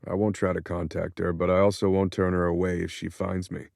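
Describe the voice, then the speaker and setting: A man voicing a subdued, remorseful older father just out of prison, quiet and halting in an audiobook. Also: low-pitched, little pitch movement, vocal fry, no echo, clean studio sound. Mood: earnest. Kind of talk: audiobook character voice.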